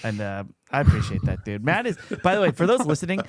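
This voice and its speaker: Upbeat joking podcast host, dry close mic. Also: male voice, fairly high pitch, sing-song, quick pace, no echo. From USA. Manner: upbeat, jokey, trailing off. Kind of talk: casual podcast chat. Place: home studio, Long Beach, California.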